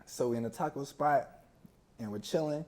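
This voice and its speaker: A man with a mellow, dark-toned voice tells a personal story as a podcast guest. He talks casually and loosely. He slips into the voices of the people in his story as he goes. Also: medium pitch, normal speed. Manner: relaxed, conversational, acts out both sides of a talk.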